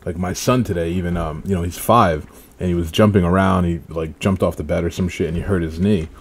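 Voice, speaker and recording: A man's voice: low voice, steady tone, fairly quick, a little hiss or hum. A man in his thirties from Rhode Island, co-hosting a podcast in casual chat, joking and laughing often. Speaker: podcast co-host.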